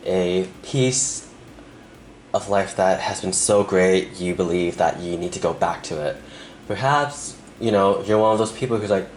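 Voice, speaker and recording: A young man doing a pick-a-card tarot reading, talking softly and earnestly to the viewer with pauses, and emotional at times. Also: sits low, a little hiss or hum. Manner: soft, earnest, speaks directly to the viewer with pauses. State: emotional, close to tears. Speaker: tarot reader.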